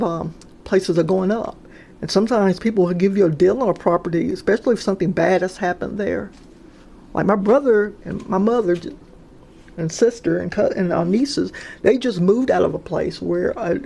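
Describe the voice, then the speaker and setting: A woman's voice: medium pitch, vocal fry, dark tone, breathy edge. A woman casually telling personal paranormal stories, rambling and hesitant, with frequent restarts and fillers. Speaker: storyteller sharing paranormal experiences. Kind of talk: casual spoken storytelling.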